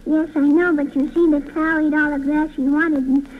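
Brief: man playing innocent little girl, high and childlike, tinny old radio sound with faint hiss. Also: little pitch movement, normal speed. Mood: chatty. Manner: childlike, sing-song recitation. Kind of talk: 1930s radio comedy.

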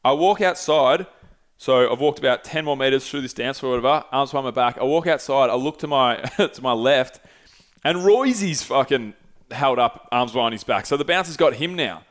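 Brief: young guy, lively storyteller, loose and profane, podcast host. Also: medium pitch, moderate pace. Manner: animated, swears freely, acts out quoted voices. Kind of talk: casual storytelling.

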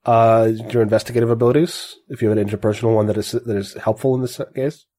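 Male game master, mid pitch, halting casual narration. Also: steady tone, warm tone. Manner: halting, self-correcting narration.

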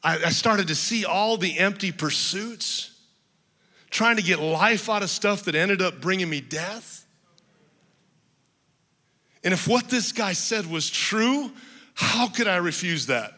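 A man preaching in a church hall, his voice sitting a little high and sounding very bright and cutting. Long reverb trails behind his words, and he speaks in an emphatic, storytelling way with some humor. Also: expressive, takes it slowly, long pauses. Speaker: pastor. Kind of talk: sermon.

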